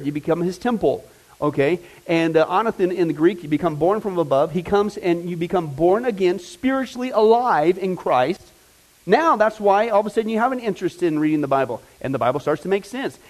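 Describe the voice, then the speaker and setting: A man preaching a sermon in a lively, conversational way, often checking in with his listeners and breaking into excited exclamations. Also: sits high, poor audio. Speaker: pastor.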